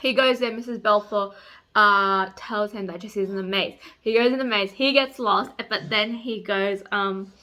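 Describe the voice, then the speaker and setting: A young woman talking about a book in a casual vlog. She is excitable, swears freely and says "like" a lot. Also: medium pitch, unhurried. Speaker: book vlogger. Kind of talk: casual reading vlog chat.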